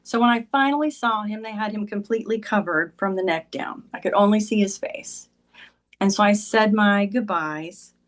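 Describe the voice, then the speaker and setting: Woman, podcast guest, conversational, emotional storytelling, middle pitch. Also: moderate pace. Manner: conversational, leans on "like" and "he goes".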